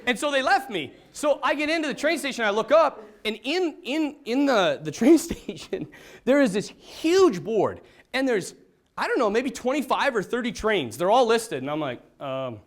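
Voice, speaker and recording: A man from North Dakota with an unusually high voice tells his own story with lots of energy. His pitch jumps around as he acts out the dialogue and pokes fun at himself. He speaks as a Catholic priest giving a personal testimony. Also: normal speed. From North Dakota, USA. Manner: animated storyteller acting out quoted dialogue; self-deprecating and humorous. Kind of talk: personal testimony told to an audience.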